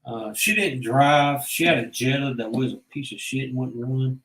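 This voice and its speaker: A man's voice: mid-range voice, normal speed, a bit bright. A man, telling stories from his life in a blunt, rambling, profane way. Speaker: vlogger. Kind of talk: casual personal storytelling. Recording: echoey room.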